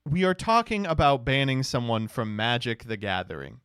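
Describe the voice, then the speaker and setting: A man streaming casual reaction commentary, animated, swearing freely and laughing often. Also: mid-range voice, moderate pace, clear, resonant tone, dry recording, studio quality.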